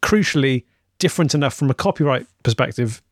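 A man's voice: medium pitch, expressive, brisk, no echo. A man from England co-hosting a comedy podcast, reading listener emails aloud with dry amusement. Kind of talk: casual chat.

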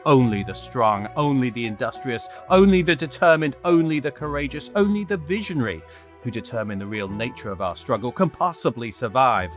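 A man putting on a Boston accent to play a middle-aged American president giving a rousing, measured speech. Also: medium pitch, lively intonation, soft background music, close to an everyday voice. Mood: resolute. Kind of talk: impression of a political speech.

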